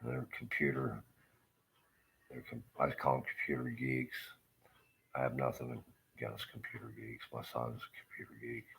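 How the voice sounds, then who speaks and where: A man's voice: a bass voice, lively intonation, normal speed, gravelly, long pauses, a bit bright, rough recording. A man livestreaming a rambling, casual monologue, swearing often and trailing off into fillers. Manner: profane, meandering, full of fillers.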